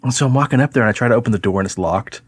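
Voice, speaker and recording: A man's voice: medium pitch, rapid-fire, husky, no echo, studio quality. A man hosting a podcast, chatting casually and telling stories with a laugh. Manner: laughing storyteller, animated. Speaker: podcast host.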